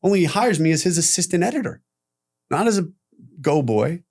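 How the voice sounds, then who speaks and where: A man guest on an interview podcast, recounting his past in a lively, profane storytelling manner. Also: a little high, brisk. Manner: animated retelling with profanity, acting out quoted voices.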